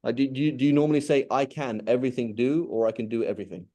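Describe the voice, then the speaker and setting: A man's voice: medium pitch, steady tone, fast talker, dark tone. A man teaching an Arabic language class, patiently asking questions and repeating key points. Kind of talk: live online class teaching.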